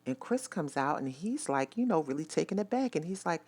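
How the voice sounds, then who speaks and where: A woman's voice: sits low, big pitch swings, fairly quick, a little mellow. A woman giving a casual vlog movie review, chatty and opinionated, often talking straight to her viewers. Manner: chatty, addresses viewers directly; emphatic and opinionated.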